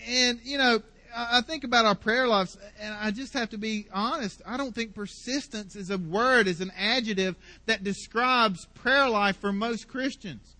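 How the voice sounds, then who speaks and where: A man's voice: high-pitched, moderate pace, few pauses, sharp tone. A man preaching a sermon as pastor, emphatic and passionate, stacking up repeated phrases.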